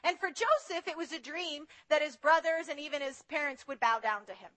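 A woman preaching a sermon in an animated way, acting out the voices she quotes. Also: high voice, a little fast.

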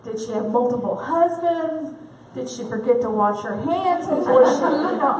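A woman's voice: sits high, animated, normal speed, hardly any pauses, darkish tone. A woman conference speaker giving a humorous faith talk, candid and self-deprecating, laughing often, heard from a distant mic in a large event hall.

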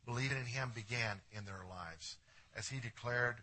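A male pastor delivers a sermon in a sharp, bright voice with a breathy, husky grain. He drops to near-hushed phrases and then lifts into emphatic declarations. He often turns to the congregation with direct questions. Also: mid-range voice, normal speed. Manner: preaching with wide swings from hushed to emphatic.

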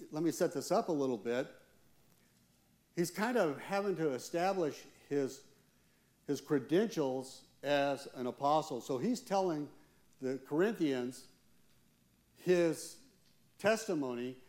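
A man preaches a sermon as a church elder, earnest and deliberate, leaning on slow emphatic pauses. His voice sits at an ordinary middle pitch. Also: a little mellow.

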